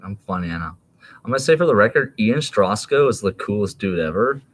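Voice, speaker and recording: A man's voice: fairly low pitch, expressive, fairly quick, a little hiss or hum. A man in his thirties rambling in a casual, profane monologue, laughing and jumping between topics.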